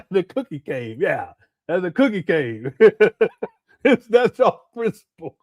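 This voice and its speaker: A man hosts a live stream and comments on clips in a casual, chatty way, breaking into laughter often. His voice swings widely in pitch and sits a little high, recorded dry and close. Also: dry recording. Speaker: host.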